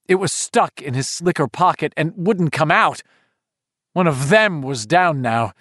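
A male narrator reads a horror story in a tense, measured voice and builds suspense with each line. His voice sits a little above the usual pitch for a man. The recording is dry and close, with no room sound. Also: dry recording. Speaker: audiobook narrator. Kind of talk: dramatic horror audiobook narration.

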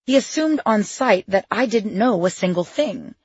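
A woman's voice: mid-range voice, animated, moderate pace, husky, no echo, lo-fi sound. A woman reading her own memoir in the first person, with a wry, sardonic edge to her asides. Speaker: memoir narrator.

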